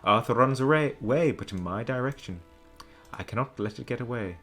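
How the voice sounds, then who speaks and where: A man's voice: mid-range voice, fairly quick. Brief: young male streamer, playful dramatic narrator, swooping intonation, background music. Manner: animated, laughs through slips. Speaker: streamer reading a game's story aloud.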